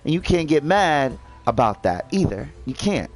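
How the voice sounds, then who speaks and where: A man's voice: a little high, sing-song, moderate pace, soft background music. Rambling young New man. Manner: rambling, filler-heavy, swears freely. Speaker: gaming video host. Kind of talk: casual chat while gaming.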